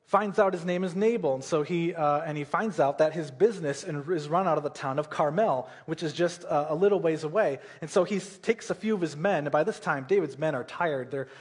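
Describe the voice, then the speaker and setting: A man's voice: on the high side, a little fast, few pauses, breathy edge. A man preaching a sermon, retelling a Bible story in a casual way and often checking in with "right?" and "okay?".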